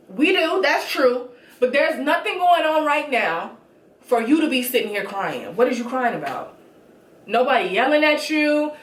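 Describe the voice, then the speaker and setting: Sassy high-voiced woman recapping TV. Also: roomy sound. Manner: sassy, blunt, animated. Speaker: reality TV recap host. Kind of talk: casual reality show recap.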